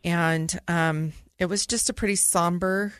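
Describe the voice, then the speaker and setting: A woman's voice: lowish voice, fairly even intonation, a little slow, smooth, no room sound, clean studio sound. A middle-aged woman, a podcast co-host, earnestly telling a personal story in vivid detail.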